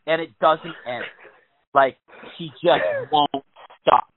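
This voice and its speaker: A man's voice: on the high side, expressive, slow pace, long pauses. A man telling a story in casual, rambling chat on a podcast, with lots of swearing. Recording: tinny phone-like sound.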